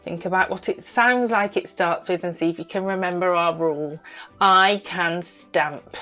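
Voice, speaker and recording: A woman teaching a phonics lesson to young children, sounding out words slowly and praising each step. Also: fairly low pitch, faint music behind. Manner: slow, exaggerated sounding-out of words; bright, encouraging praise.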